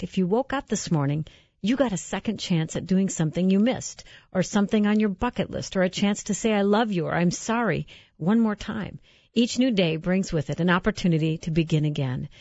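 A middle-aged woman hosting a faith-based interview, speaking in a gently searching way as she reads from the guest's book and asks questions. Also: lowish voice, no room sound, dull audio. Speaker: interview host.

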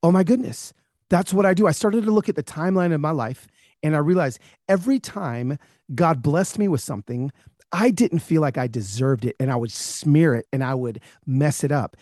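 A man, a guest author, telling a personal story in an interview, fast and animated, with many restarts. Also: a little high, no echo, clean studio sound.

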